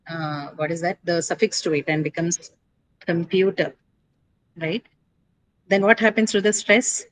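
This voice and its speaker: A woman's voice: fairly low pitch, rough recording. A woman teaching English word stress in a classroom lecture, explaining patiently, asking students questions and often checking with "right?".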